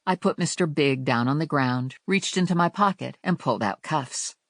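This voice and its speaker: A woman narrating a first-person crime audiobook with wry, expressive storytelling. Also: low-pitched, normal speed, dry recording, clean studio sound. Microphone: close studio mic.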